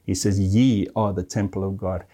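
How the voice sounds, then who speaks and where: Male preacher, earnest sermon delivery, lowish mellow voice, speaks straight to the listener. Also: flat delivery, normal speed. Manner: earnest, addresses listeners directly as friend; reads scripture verses aloud.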